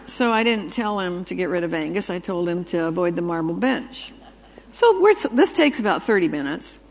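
A woman giving an anecdotal talk on brain research, telling stories with animated delivery and acting out the dialogue. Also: lowish voice, normal speed, in a large hall, a little hiss or hum, rough recording.

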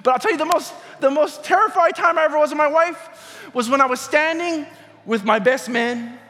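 A man's voice: very high voice, moderate pace, bright, forceful tone. A middle-aged man preaching a sermon, telling a personal story in a conversational way and asking the audience questions. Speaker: pastor. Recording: reverberant hall with music.

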